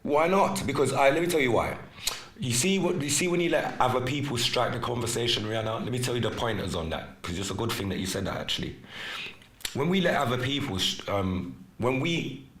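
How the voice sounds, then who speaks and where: A man hosting a live podcast in casual chat, animated and teasing, laughing often and slipping into patois. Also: medium pitch, brisk. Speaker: podcast host. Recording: echoey room with faint music.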